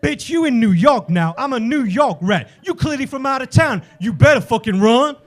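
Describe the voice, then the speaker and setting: A tough little New York street rat, played by a man on a comedy stage, squares up with loud, swaggering slang. The voice sits very high and brags in punchy bursts. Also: very animated, a little fast. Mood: defiant.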